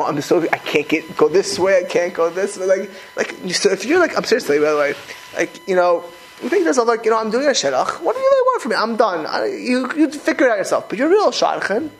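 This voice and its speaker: A middle-aged man talking in a casual conversation, animated and emphatic, often restarting his sentences. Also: on the high side, slight background noise, poor audio.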